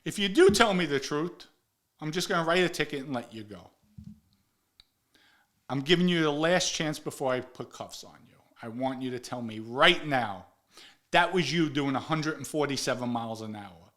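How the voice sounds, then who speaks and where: Man voicing a tough, blunt trooper, slightly raised pitch, forceful. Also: animated, moderate pace. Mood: stern. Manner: blunt, laying down an ultimatum. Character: tough state trooper laying down terms.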